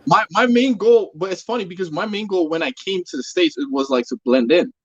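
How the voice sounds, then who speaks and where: A man's voice: high voice, lively intonation, fairly quick, dry recording. A man from the Netherlands with a faint Dutch accent, chatting casually and laughing easily as a podcast co-host. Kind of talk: casual chat. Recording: slightly dull lo-fi sound.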